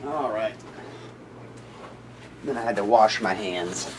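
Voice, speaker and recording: Sleepy guy w runny nose reading off cards, chill murmur, bit of room hiss. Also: slow pace. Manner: reads out names in a low murmur, chatty asides. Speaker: card breaker. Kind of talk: casual card-break narration.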